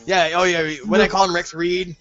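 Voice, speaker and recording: High, bright-voiced man, profane and rambling. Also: level tone, normal speed. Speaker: podcast co-host. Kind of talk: casual chat. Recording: dull lo-fi podcast audio.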